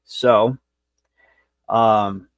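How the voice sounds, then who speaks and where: A man's voice: lowish voice, steady tone, drawn-out words, no echo. A man hosting a livestream, lecturing in a brash, rambling, profane way. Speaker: show host.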